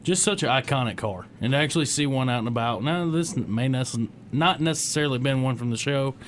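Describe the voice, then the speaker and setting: A man's voice: medium pitch, a little fast, slight background noise. A man co-hosting a radio show, chatting about cars in an easygoing way. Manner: easygoing, laughs along. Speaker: co-host. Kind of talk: casual radio show chat.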